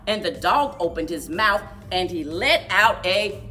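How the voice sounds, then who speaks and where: A woman, a children's librarian, reading a picture book aloud with expressive storytelling. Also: fairly low pitch, a little slow, soft background music. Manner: expressive storyteller, big swoops for animal noises.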